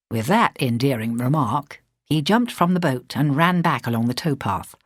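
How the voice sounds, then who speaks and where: A woman narrating a story in a measured storytelling voice, close to a studio mic. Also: very deep voice, big pitch swings, husky, no room sound. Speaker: audiobook narrator. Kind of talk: scripted narration.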